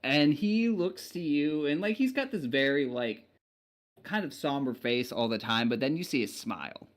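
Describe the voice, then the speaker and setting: A man's voice: medium pitch, expressive, normal speed. A man narrating a tabletop game as game master, casual and rambling with many fillers.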